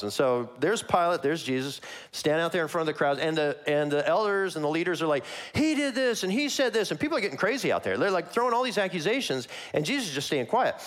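Walking through a Bible passage verse by verse, a man preaches conversationally and with animation, acting out the characters. His voice sits on the high side.

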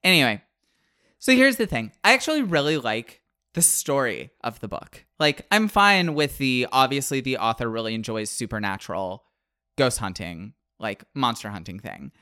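A man's voice: mid-range voice, normal speed, no room sound, clean studio sound. A man co-hosting a podcast, reviewing a book in casual chat, sarcastic and wired on caffeine. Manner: animated, sarcastic, swings between loud and muttered asides. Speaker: podcast co-host.

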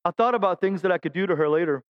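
A middle-aged male pastor with a fairly high, smooth, resonant voice, preaching with humor and self-deprecating stories. He addresses the congregation directly and often asks them to agree. The sound is dull and lo-fi. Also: racing. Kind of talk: sermon.

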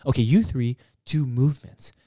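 A man's voice: medium pitch, moderate pace, warm tone. A young man telling stories on a podcast in casual chat, acting out quoted voices and laughing often.

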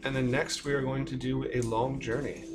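A man narrating as game master in a relaxed, matter-of-fact way. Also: mid-range voice, a little fast, loud music behind the voice.

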